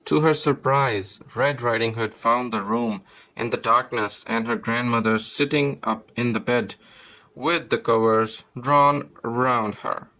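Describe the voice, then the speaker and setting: A man reading a children's fairy tale aloud in a steady storybook manner. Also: mid-range voice, unhurried, low-quality recording. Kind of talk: scripted narration of a fairy tale.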